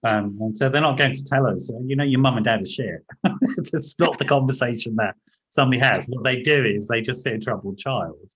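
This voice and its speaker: A man hosting a conversational interview, thoughtful and trailing off softly at the ends of phrases. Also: medium pitch, brisk, rough recording. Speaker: host.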